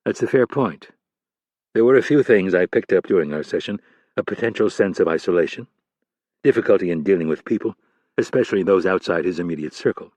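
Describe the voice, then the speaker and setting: A man voicing a calm agency psychologist. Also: sits low, fairly quick, dry recording. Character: male agency psychologist, patient and thoughtful.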